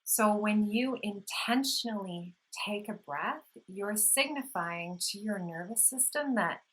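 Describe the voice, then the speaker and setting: A woman vlogger gently explaining calming practices in a soothing, unhurried talk, with audible sighs when she demonstrates breathing. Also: mid-range voice, poor audio. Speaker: wellness vlogger. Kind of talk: casual instructional talk.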